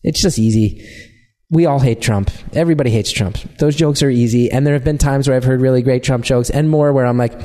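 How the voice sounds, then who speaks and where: American male comic, warm low-key tone, lively self-deprecating anecdotes. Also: a little fast. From United States. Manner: animated self-deprecating storytelling. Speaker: comedian guest. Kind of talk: casual interview chat.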